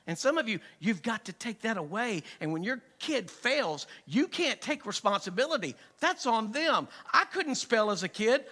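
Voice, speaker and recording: A middle-aged pastor preaches with a high, bright voice. He tells a funny story and moves easily from soft, low asides to loud punchlines. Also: normal speed, few pauses. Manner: humorous storytelling, animated, swings from soft to loud. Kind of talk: sermon. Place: church sanctuary.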